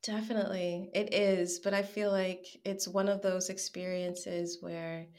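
Young american woman talking frankly in an interview, lively, quotes herself a lot. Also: lowish voice, measured pace. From United States. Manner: candid, animated, acts out inner voice. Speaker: guest. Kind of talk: casual interview chat.

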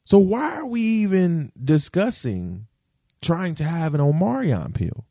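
New guy, casual podcast rant; mellow low voice with lively swings, lots of fillers and cursing. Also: unhurried, dry recording, clean studio sound. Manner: animated, swears freely, frequent fillers and "you feel me".

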